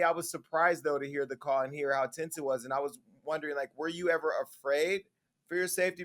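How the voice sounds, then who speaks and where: A man hosting an interview, asking questions and giving his own measured view. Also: a little high, fairly bright tone. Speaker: host and interviewer.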